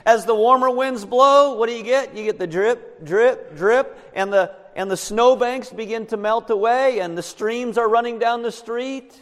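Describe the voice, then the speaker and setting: A man preaches in a high voice, explaining scripture verse by verse. He often turns to the congregation with questions. His voice carries a long reverb from a church sanctuary. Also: unhurried, hardly any pauses. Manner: explanatory, asks the listeners questions. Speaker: pastor. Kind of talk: sermon.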